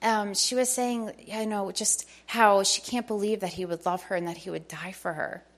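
Middle-aged woman, personal faith testimony, eager storyteller, middle-pitched voice. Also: steady tone, normal speed. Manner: eager storytelling that acts out quoted dialogue. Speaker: church member sharing testimony.

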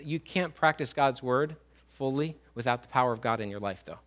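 A man preaching a sermon in a church, swinging between loud emphasis and quiet low lines and drawing answers from the congregation. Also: fairly quick. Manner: asks the congregation questions and writes on a whiteboard. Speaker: pastor.

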